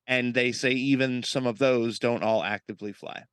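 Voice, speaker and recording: A man's voice: medium pitch, steady tone, moderate pace, a bit bright, clean tone, no echo, studio quality. Wry, joking podcast co-host man. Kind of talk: casual podcast chat.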